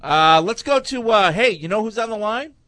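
A man hosts a radio sports talk show and takes callers in an easygoing way. His voice sits a little high. The sound is dry and close. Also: expressive, normal speed, sharp tone, dry recording.

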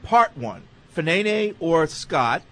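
A man hosting a sports radio show, reading out contact details and taking calls, quick to mock. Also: fairly high pitch, animated, pushed and bright. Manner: mocking, quick to jab. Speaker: radio host. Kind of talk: casual sports talk radio banter.

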